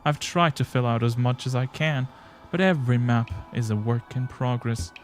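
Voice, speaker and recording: A man's voice: medium pitch, moderate pace, a little hiss or hum, close to an everyday voice. A man voicing a cheerful male bug mapmaker, reading his lines in a friendly, rambling way over faint game music. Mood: chatty.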